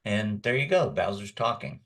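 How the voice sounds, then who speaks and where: A man's voice: lowish voice, sing-song, normal speed, fairly bright tone. A middle-aged man, a voice actor and guest, telling long rambling stories in a casual interview chat. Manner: rambling storyteller.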